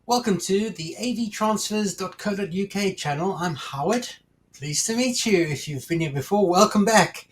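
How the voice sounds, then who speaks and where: A man's voice: sits high, lively intonation, normal speed, a little hiss or hum. A man hosting his own channel in a casual chat to camera, rambling and jokey, often correcting himself mid-sentence. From United Kingdom. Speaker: channel host.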